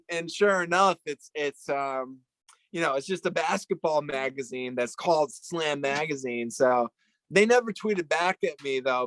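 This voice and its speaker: A man's voice: fairly high pitch, a bit bright, dry recording, poor audio. A man chatting casually in a rambling, joking way, often searching for words. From Italian heritage. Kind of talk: casual chat.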